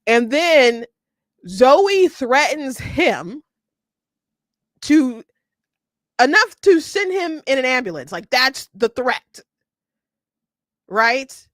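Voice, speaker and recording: A woman's voice: high-pitched, sing-song, very slow, pauses often, fairly bright tone, no room sound, clean studio sound. A woman hosting a casual political commentary stream, chatty, with many restarts and frequent laughter. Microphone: close mic, streaming setup.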